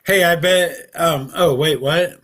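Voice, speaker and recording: A man's voice: fairly high pitch, takes it slowly, a bit bright. A man co-hosting a casual chat show, joking and laughing easily. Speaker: co-host.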